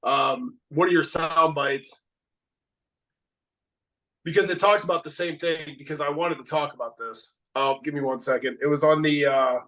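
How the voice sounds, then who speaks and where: A man's voice: a little high, fairly even intonation, moderate pace, sharp tone. A man hosting a podcast, chatting casually and enthusiastically with his guest. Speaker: podcast host. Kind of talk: casual interview chat. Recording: voice distant from the mic.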